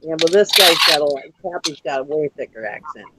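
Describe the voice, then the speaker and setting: A man's voice: a little high, animated, brisk, very noisy. A man from Minnesota with a Minnesotan accent, chatting casually on a live show, laughing often and repeating words for emphasis. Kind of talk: casual chat.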